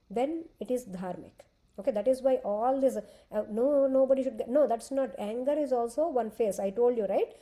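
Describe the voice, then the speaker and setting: A woman's voice: on the high side, warm tone, rough recording. A woman, retelling an ancient epic as a class lesson, explaining patiently and often saying "okay". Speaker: scripture storyteller teaching a class.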